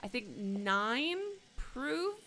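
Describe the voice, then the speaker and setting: Chatty woman streaming a game, lively pitch. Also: takes it slowly. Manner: chatty, sarcastic asides. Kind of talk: live gameplay commentary.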